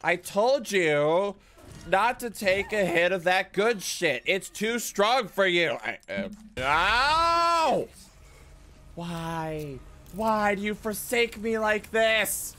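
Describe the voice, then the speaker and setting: A man streaming a video game, joking and swearing through casual gameplay commentary, breaking into sudden high-pitched outbursts. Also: takes it slowly, a bit bright, slight background noise.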